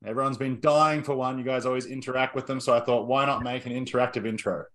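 A man's voice: medium pitch, fairly even intonation, fast, fairly bright tone. A man hosting a podcast in a playful, jokey way, reeling off rhyming introductions. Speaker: podcast host. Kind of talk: casual podcast banter.

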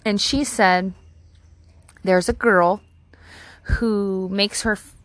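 A woman's voice: medium pitch, steady tone, extremely slow, no room sound. A woman talking straight to camera outdoors at her home, giving casual advice in a candid, rambling way and swearing freely. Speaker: vlogger.

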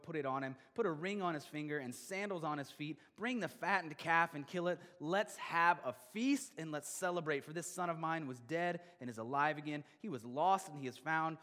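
A male pastor preaches to a congregation, his voice sitting a little high for a man. He tells the story with animated energy and asks lots of rhetorical questions. The sound carries the long reverb of a large hall. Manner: animated storytelling, voicing the father with rising excitement. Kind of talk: sermon.

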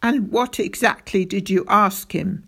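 A woman playing a stern, bullying male schoolteacher with a military past, who shouts and barks his orders. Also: mid-range voice, expressive, takes it slowly. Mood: menacing. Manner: shouting, barking.

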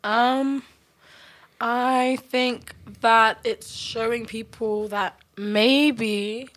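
A young woman with a croaky, nasal voice, chatting bluntly as a DJ guest on a podcast. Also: fairly high pitch, steady tone, very slow, a bit bright. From London. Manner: blunt, laughing, full of London slang. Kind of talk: casual chat.

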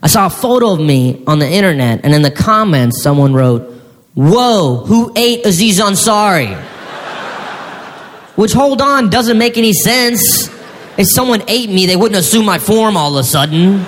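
Stand-up comedy guy, high voice, animated and shouty bits, live hall echo. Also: moderate pace. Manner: animated, mock-shouting asides. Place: comedy stage before an audience. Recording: live hall with reverb, faint noise.

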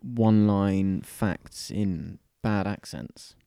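A man's voice: low voice, drawn-out words, gravelly, warm tone, clean tone, no room sound, clean studio sound. A man co-hosting a podcast in casual chat, laid-back and wry, often laughing. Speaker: podcast co-host.

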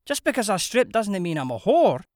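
A woman's voice: low voice, big pitch swings, normal speed, no room sound, studio quality, voice pushed up. A narrator voicing Sophia, a young Glaswegian stripper woman with a musical brogue, blunt and teasing, in an audiobook. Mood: frank, teasing. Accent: Glaswegian Scottish.

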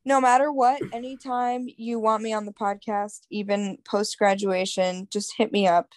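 A woman's voice: mid-range voice, little pitch movement, moderate pace, no echo. A young woman, a college student about to graduate, chatting as a podcast guest, upbeat and encouraging, laughing often. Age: young adult. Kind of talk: casual chat.

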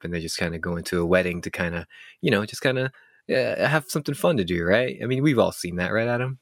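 A man's voice: low-pitched, lively intonation, quick pace, dry recording, clean studio sound. A man co-hosting a podcast in casual chat, rambling with lots of fillers and frequent laughs. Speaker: podcast co-host.

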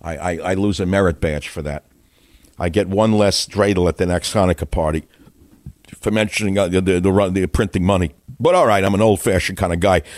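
A man's voice: sits low, darkish tone, no room sound. An older man hosting a radio talk show, delivering a combative, sarcastic, rambling monologue full of insults. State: winded.

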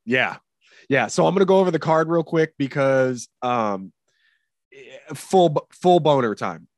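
A man's voice: mid-range voice, animated, a little slow, no room sound, clean studio sound. A man hosting a podcast in casual chat, rambling and cursing with many fillers. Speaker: podcast host.

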